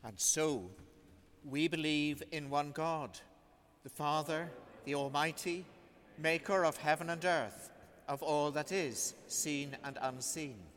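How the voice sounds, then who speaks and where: A man leading a congregation through the creed in a steady, recited cadence in a church. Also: on the high side, slow pace, slight background noise. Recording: long church reverb.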